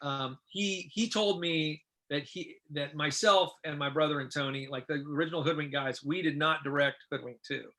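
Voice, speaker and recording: A middle-aged man, a film director, telling casual stories in an interview and acting out what others said in lively voices. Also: a little high, moderate pace, hardly any pauses. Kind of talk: casual anecdotal storytelling.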